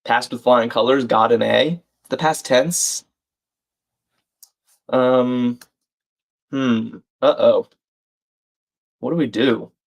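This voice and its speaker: A man's voice: medium pitch, steady tone, takes it slowly, gravelly, long pauses. A man hosting a live crossword stream, thinking aloud, reading out clues and viewers' names, and chatting with them as he solves. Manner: thinks aloud, reads chat names and clues, friendly asides. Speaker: livestream host. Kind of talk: live crossword solving chat.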